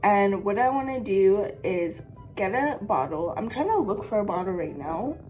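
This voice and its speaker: A woman's voice: mid-range voice, expressive, normal speed, a little mellow, faint music behind. A young woman chatting casually to her camera as a vlogger, giggly and full of fillers, with a stuffy nose from allergies. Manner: giggly, talks with lots of fillers. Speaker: vlogger pranking her boyfriend.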